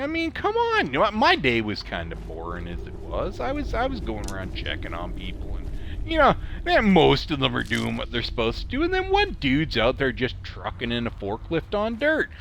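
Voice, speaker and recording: A man's voice: mid-range voice, huge pitch swings, moderate pace, gravelly, background noise. A man with a Canadian accent and a southern drawl, rambling through a story while playing a game, laughing often and adding snarky asides. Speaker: let's play streamer.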